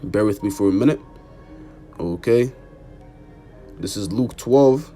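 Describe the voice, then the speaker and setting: A man's voice: lowish voice, slow, warm tone, faint music behind. A man preaching an informal sermon and reading scripture, emphatic, repeating "man" and cursing for emphasis. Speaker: street preacher.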